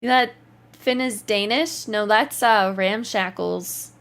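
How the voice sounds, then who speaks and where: A woman's voice: medium pitch, slow, fairly bright tone. A woman livestreamer chatting casually, reading out and answering her chat while often laughing. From Canada.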